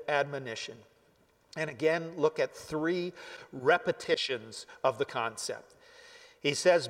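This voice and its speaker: Earnest preaching man in a reverberant hall. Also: medium pitch. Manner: earnest, emphatic preaching with sudden drops to near-whispers. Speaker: pastor. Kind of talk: sermon.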